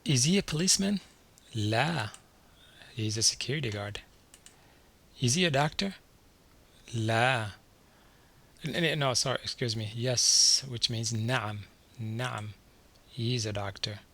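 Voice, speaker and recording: A man teaching a beginner vocabulary lesson from slides, saying each word twice and slowly before asking what it means. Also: mid-range voice, a bit bright. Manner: repeats each word slowly, then quizzes the listener. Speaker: language teacher.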